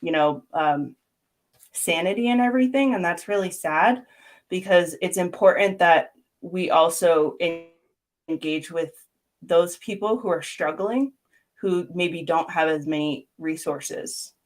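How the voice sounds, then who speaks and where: A woman therapist chatting as an interview guest, her voice sitting a little low. She talks freely and laughs often, with plenty of "like" and "you know" between her thoughts. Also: measured pace. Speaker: guest, art therapy counselor. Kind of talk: casual interview chat.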